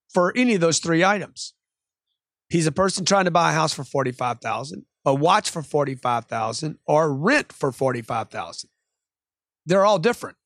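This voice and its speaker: Animated man coaching salespeople, dry close mic. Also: on the high side, dry recording. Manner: animated, acts out customer quotes with sudden loud outbursts. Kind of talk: motivational monologue.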